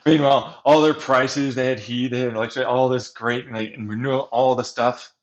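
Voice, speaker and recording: A man's voice: medium pitch, a little fast, lo-fi sound. A man in a casual, rambling rant, swearing often and laughing between points. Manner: profane, laughing, animated ranting.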